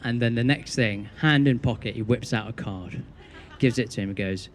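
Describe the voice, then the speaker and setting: A man's voice: mid-range voice, normal speed, a little hiss or hum. A young man giving a best man's wedding speech, telling a teasing story with dry punchlines.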